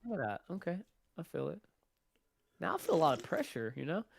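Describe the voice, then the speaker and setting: A man's voice: fairly high pitch, huge pitch swings, a little fast, vocal fry, no echo, clean studio sound. A young adult man co-hosting a podcast, joking and telling stories in casual chat. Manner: joking, teasing, storytelling. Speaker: podcast co-host.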